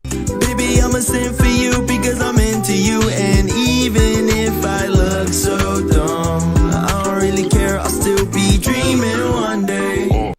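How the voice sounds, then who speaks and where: A woman's voice: medium pitch, fairly even intonation, slow. A woman's voice singing in a clip played on stream. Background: loud music.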